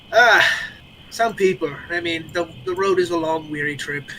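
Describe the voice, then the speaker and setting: A man playing a tabletop game character, lively and a little mock-formal in character. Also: high-pitched, a little hiss or hum, rough recording. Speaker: player.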